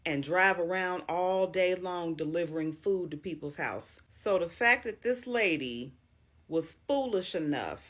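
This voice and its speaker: Woman commentator, lower voice, chatty, self-deprecating. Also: a bit bright. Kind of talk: reaction commentary.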